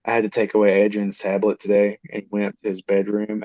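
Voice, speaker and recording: A man co-hosting a podcast in casual chat, animated and laughing often as he tells stories. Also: lowish voice, brisk, no echo, muffled recording. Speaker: podcast co-host.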